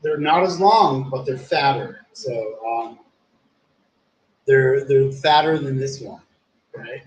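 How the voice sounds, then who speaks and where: A man's voice: medium pitch, slow pace. A young man telling a long story in casual, rambling talk, swearing a lot and saying "dude" constantly. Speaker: live streamer. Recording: echoey room.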